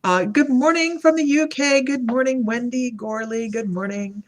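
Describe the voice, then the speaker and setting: A psychic medium gives a live reading, talking in a halting, meandering way. She greets viewers by name as she reads their comments, her voice fairly high.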